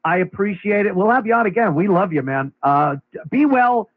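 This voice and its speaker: A man's voice: high voice, animated, a little fast. A man hosting a talk radio show, chatting casually and agreeably with his guest. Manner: casual, agreeable, chuckling along. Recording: AM radio broadcast, phone-like.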